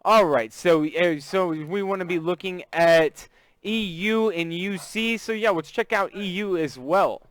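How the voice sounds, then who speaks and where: A man's voice: high-pitched, a little slow, a bit bright, no room sound. A man from Texas with a Southern accent, hosting a live trading stream in casual, chatty talk and greeting viewers by name. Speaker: forex trading stream host.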